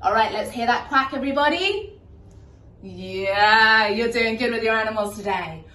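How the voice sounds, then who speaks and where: A woman with a fairly high, lively voice teaches music to young children, singing nursery songs in an encouraging, sing-song style at a moderate pace and ending in a soft whisper. She's recorded from a distance in an echoey room.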